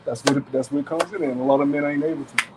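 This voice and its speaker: A man's voice: fairly high pitch, steady tone, rapid-fire, noisy background. A man preaching to a group outdoors as a camp elder, emphatic and profane, repeating phrases and asking rhetorical questions.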